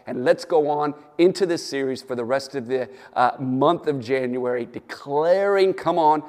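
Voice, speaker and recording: A man's voice: mid-range voice, normal speed, hardly any pauses, a little mellow, in a large hall. A man preaching a sermon as pastor, rousing his listeners and urging them on with a repeated "come on.". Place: church or studio, preaching to an online audience.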